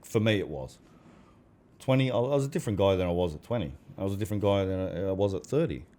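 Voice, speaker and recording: A man's voice: low-pitched, animated, fast, warm tone. A man, a podcast guest talking casually and bluntly, swearing and acting out the conversations he recounts. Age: 40s. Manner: blunt, swears, acts out quoted exchanges. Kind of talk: casual chat.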